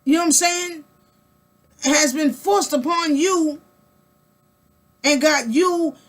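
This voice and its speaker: This woman vlogger has a high-pitched voice and takes her time. Her casual, colloquial monologue is emphatic and rambling, with restarts, repeated words, and a stream of rhetorical questions for the listener.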